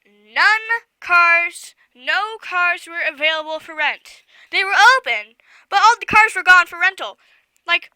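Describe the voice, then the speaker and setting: Brief: woman vlogger, very bright and high voice, rambling storyteller, dry close sound. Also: a little slow, no room sound. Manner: rambling, excitable, lots of fillers and asides. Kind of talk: casual storytelling to camera.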